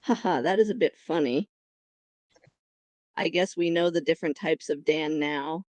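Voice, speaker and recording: A woman's voice: sits low, moderate pace, darkish tone, no room sound, natural voice. A synthetic cloned woman's voice voicing a chatbot copy of a YouTuber, gushing about webtoon characters. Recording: dry.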